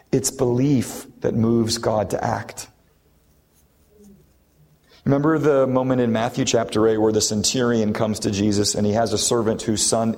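A man's voice: mid-range voice, a little mellow. A man preaching a sermon as a pastor, earnest and building to impassioned emphasis. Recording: long hall reverb.

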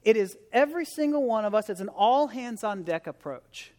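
A man's voice: high-pitched, animated, moderate pace, a little mellow. A man giving a sermon as a visiting preacher, earnest and conversational, often restarting and repeating words, rising to emphatic exhortation. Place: church sanctuary. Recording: long reverb of a large church hall.

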